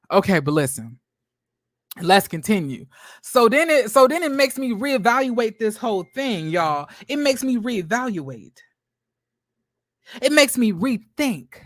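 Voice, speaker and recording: A man hosting a celebrity gossip commentary, animated and profane, breaking into stammering restarts. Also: high-pitched, no echo, clean studio sound.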